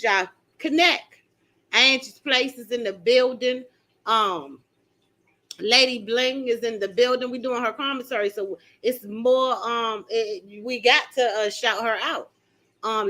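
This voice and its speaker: A middle-aged woman talks on a live stream from home, animated and quick to exclaim or laugh. Her voice sits on the high side and has a sharp, bright edge. She is picked up by a phone. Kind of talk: live stream commentary and chat with viewers.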